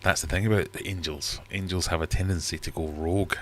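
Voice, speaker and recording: A man's voice: low voice, steady tone, fairly quick, slight background noise. A Geordie man hosting a casual livestream chat, rambling and reading out viewers' comments. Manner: rambling, chatty, reads out comments. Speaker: livestream host. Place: home fish room.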